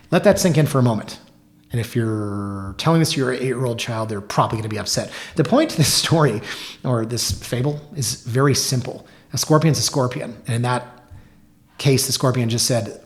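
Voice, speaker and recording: Wry, animated man hosting a podcast. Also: medium pitch, brisk. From Canada. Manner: animated, wry storyteller with joking asides. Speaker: realtor and podcast host. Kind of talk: solo podcast talk with storytelling.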